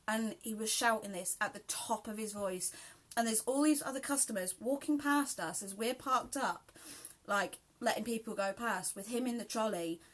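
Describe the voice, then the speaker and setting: A woman's voice: mid-range voice, fairly bright tone. A British woman chatting casually in a rambling way while she sews, with lots of ums and laughs. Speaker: sewing vlogger. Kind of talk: casual chat while sewing.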